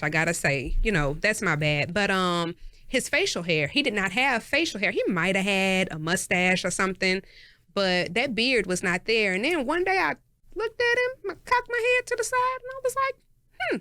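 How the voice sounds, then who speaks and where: A woman co-hosting a podcast, telling stories in animated casual chat and acting out what people said. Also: dry recording, clean studio sound. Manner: animated storyteller, acts out voices with big pitch jumps. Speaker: podcast co-host.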